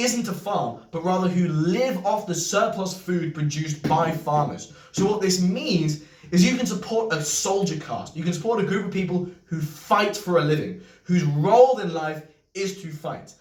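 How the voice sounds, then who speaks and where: A man's voice: sits high, expressive, unhurried. Earnest English man lecturing in a roomy space. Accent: English, slight Scouse tinge. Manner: earnest, self-correcting, casual asides and swearing. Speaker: history video host. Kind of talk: unscripted explanatory lecture. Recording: roomy echo, mic at a distance.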